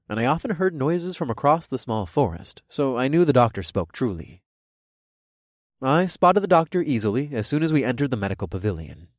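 A man narrating a first-person fantasy story in an expressive storytelling manner. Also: medium pitch, no room sound, clean studio sound. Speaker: audiobook narrator.

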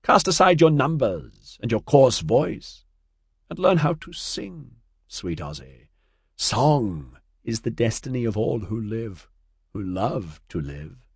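A man reading an audiobook, voicing an ancient, sad female alien who speaks in slow, lilting riddles. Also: mid-range voice, sing-song, breathy edge, dry recording, studio quality, full character voice. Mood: mournful. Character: ancient serene female alien singer, mournful.

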